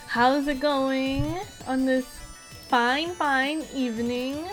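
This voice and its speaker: A woman streaming a video game, chatting casually with her viewers, excitable and giggly with crude jokes. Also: high-pitched, slow pace, faint music behind. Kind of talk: casual live-stream chat while gaming.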